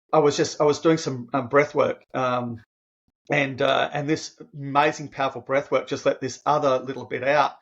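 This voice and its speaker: A man's voice: medium pitch, highs cut off. Earnest man in his fifties. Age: 50s. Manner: earnest, emotional, restarts phrases, animated when quoting himself. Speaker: podcast guest. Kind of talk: personal storytelling in conversation.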